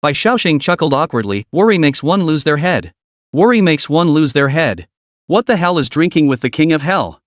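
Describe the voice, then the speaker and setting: Lively male story narrator, dry sound. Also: a little high, no echo.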